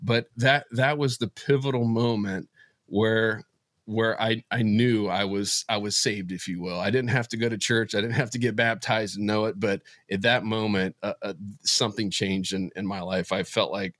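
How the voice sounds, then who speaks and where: A man telling a personal faith story as an interview guest, emotional and halting, often restarting his sentences. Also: fairly low pitch, steady tone, a bit bright, dry recording, clean studio sound. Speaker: podcast guest. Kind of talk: personal faith testimony in conversation.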